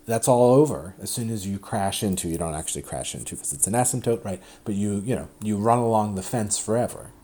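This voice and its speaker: A man giving a recorded math lecture at a board, chatty and animated, often breaking off and restarting his sentences. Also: lowish voice, brisk, few pauses. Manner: chatty, self-interrupting, animated explanations.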